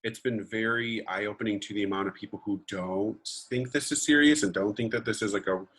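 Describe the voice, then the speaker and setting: A man's voice: on the low side, brisk, fairly bright tone, husky. A young man co-hosting a podcast, chatting casually in a rambling way. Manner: rambling, many fillers and restarts. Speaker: podcast co-host. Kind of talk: casual chat.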